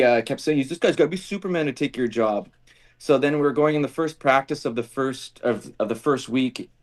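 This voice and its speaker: A man, a guest on a podcast, telling casual stories and acting out the dialogue of the people in them. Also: medium pitch. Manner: animated storyteller acting out quoted dialogue. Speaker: podcast guest, former football kicker. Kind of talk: casual storytelling interview.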